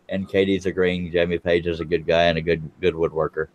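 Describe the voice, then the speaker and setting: Guy with a real low voice, rambles and restarts a lot, easygoing stream chat. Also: completely flat delivery, a little fast, hardly any pauses. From Texas. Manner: rambling, self-correcting, chatty. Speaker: guest woodworker. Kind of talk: casual live-stream chat. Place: home, smoking while talking.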